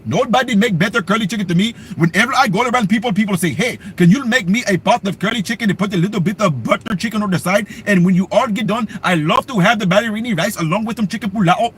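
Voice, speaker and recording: A man's voice: high-pitched, fast talker, few pauses, fairly bright tone, husky, exaggerated voice. Eager, cheesy male home cook, put on by a man, bragging and tripping over words. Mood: boastful. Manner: boastful, rambling, stumbling.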